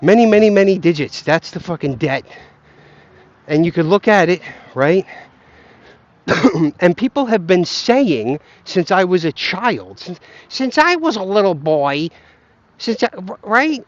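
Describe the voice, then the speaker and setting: High-voiced stoned man ranting outdoors. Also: very animated, a little slow, long pauses, no echo. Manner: heated, swearing, digressive. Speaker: vlogger ranting about markets. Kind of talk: rambling profane rant while walking. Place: outdoors, walking on grass. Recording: dull lo-fi outdoor recording.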